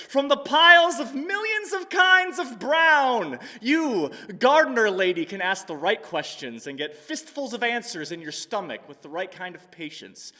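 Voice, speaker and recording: A man performing a spoken-word poem with exuberant energy, swinging between shouting and hushed tones. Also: very high-pitched, big-room sound. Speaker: performance poet.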